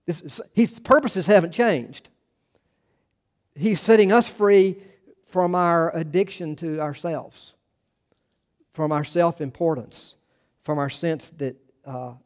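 A male pastor preaching with a somewhat high voice. He drives home his points by repeating words over and over and drops in quick, casual asides. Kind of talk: sermon.

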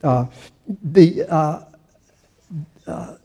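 A man's voice: fairly high pitch, animated, very slow, gravelly, mellow. Conversational older male preacher. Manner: conversational, with repeated restarts and rhetorical questions. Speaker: pastor. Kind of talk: sermon.

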